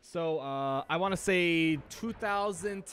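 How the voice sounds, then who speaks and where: A young man co-hosting a casual gaming chat, jokey and rambling, quick to laugh. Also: on the high side, fairly bright tone. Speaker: podcast co-host.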